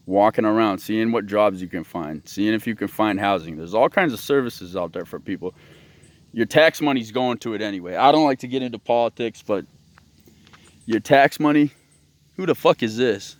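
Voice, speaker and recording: A man's voice: medium pitch, dry recording. A man hosting his own show, ranting in a blunt, profane, rambling monologue. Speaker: host.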